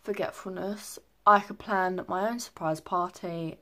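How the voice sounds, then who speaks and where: A woman's voice: fairly low pitch, steady tone, unhurried, hardly any pauses, a bit bright. A young woman chatting casually in a pregnancy update vlog, rambling with many ums. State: a little out of breath. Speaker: vlogger.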